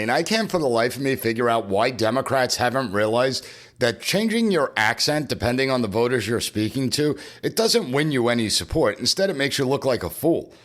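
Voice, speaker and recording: A man's voice: mid-range voice, a bit bright. A man hosting a political commentary podcast in an emphatic, punchy way, repeating phrases for effect. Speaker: podcast host and professor.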